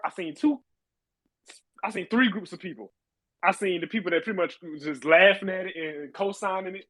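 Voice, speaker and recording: A man hosting a live audio chat room, talking in animated, laughing rants full of profanity. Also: high voice, dry recording. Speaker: host.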